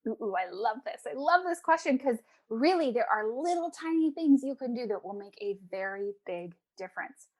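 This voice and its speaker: A woman's voice: on the high side, moderate pace, hardly any pauses. A woman, an emotional eating coach, giving advice as a guest in a casual interview and acting out her clients' voices. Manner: animated, acts out clients' voices.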